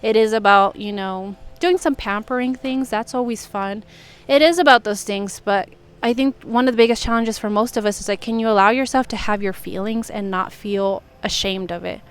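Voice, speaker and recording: A woman's voice: mid-range voice, normal speed, clear, resonant tone. A young adult woman talking earnestly and casually to camera about self-love, with many "like" fillers. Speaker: self-help vlogger. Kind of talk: casual reflective monologue.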